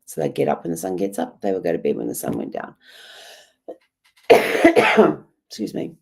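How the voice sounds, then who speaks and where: Woman, hoarse croaky gravelly voice, swooping pitch, rambling casual vlog host, coughs now and then. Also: wildly swooping pitch, moderate pace, a little mellow. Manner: rambling, chatty, many ums. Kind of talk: casual daily journaling vlog.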